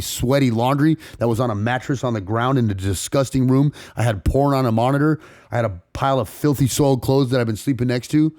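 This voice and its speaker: A man's voice: fairly low pitch, a little mellow, dry recording, studio quality. Blunt, profane man telling his story. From San Fernando Valley, California. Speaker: podcast guest. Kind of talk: candid storytelling.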